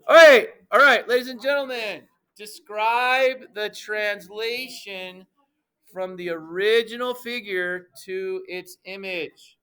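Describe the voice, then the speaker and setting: Taking it slowly, a middle school math teacher with a high, clear, resonant voice teaches playfully and emphatically. He addresses the class as ladies and gentlemen and often makes sure everyone understands.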